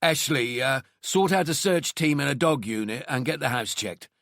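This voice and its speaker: A man voicing a decisive male detective inspector briefing his team in a measured, firm way. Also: medium pitch, creaky, a bit bright, dry recording, clean studio sound, voice pushed up. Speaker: police team leader.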